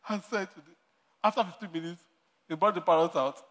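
A man delivers a sermon in a voice that sits high, moves fairly quickly, and has a bit of brightness. He tells stories, laughs frequently, and repeats his main points, with long hall reverb on the recording.

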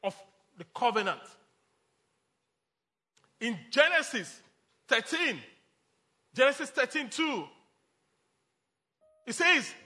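A man's voice: very high-pitched, very animated, takes it slowly, long pauses, sharp tone, faint music behind. A man preaching a sermon as pastor, emphatic, calling out to the congregation and mixing in jokes.

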